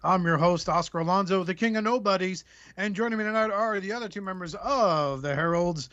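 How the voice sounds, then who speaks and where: A man's voice: sits high, brisk, dry recording. Profane, joking male podcast host. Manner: joking, profane, animated storytelling. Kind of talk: casual podcast banter. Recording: muffled lo-fi audio.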